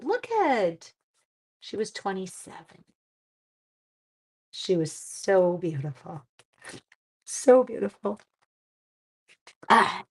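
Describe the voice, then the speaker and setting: A middle-aged woman, chatting on a live stream while crafting, warm-hearted and getting teary. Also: medium pitch, expressive, unhurried, long pauses. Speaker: livestream crafting host.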